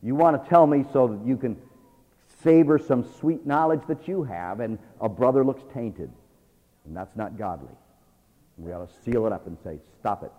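A male preacher exhorting a church, moving between quiet asides and loud, emphatic passages. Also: medium pitch, moderate pace. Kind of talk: sermon. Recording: tinny phone-like sound with long reverb.

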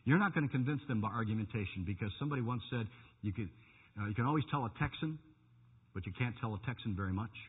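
A man's voice: medium pitch, expressive, long reverb tail, slight background noise. Man preaching over tinny radio. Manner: fiery, emphatic preaching with slow dramatic stresses. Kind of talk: radio sermon. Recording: tinny phone-like radio broadcast.

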